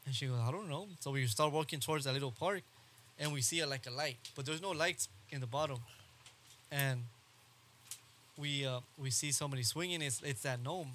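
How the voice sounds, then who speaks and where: Bright man rambling through a spooky story. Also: mid-range voice, fairly quick, a little hiss or hum. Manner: rambling, swearing, laughing storyteller. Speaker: podcast co-host. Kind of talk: casual storytelling.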